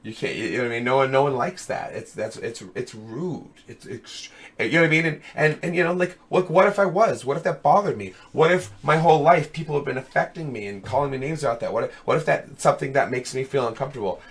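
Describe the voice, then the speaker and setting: Young man, hoarse voice, live-stream host, rambling casual chat, chummy with viewers, headset mic. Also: medium pitch, animated, fast talker, hardly any pauses. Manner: rambling, fillers of "you know what I mean"; chummy, calls viewers dude and brother. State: hoarse, losing his voice. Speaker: streamer hosting a web show.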